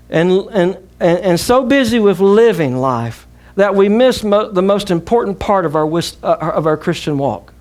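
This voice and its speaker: A man's voice: high voice, animated, measured pace, darkish tone. Emphatic Southern man preaching a sermon. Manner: emphatic preaching with call-and-response. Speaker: pastor.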